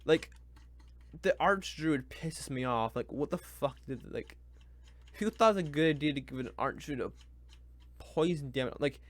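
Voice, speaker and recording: A young man reacting live to a book, exasperated and ranting, going from mutters to loud complaints. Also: a little high, measured pace, long pauses, dry recording. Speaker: reviewer.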